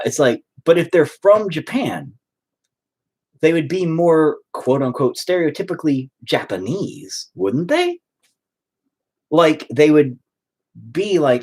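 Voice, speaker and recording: A man ranting in a rambling, stop-start monologue, swearing freely. His voice is husky and very animated, rising and dipping as he goes. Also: on the high side, normal speed. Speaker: vlogger.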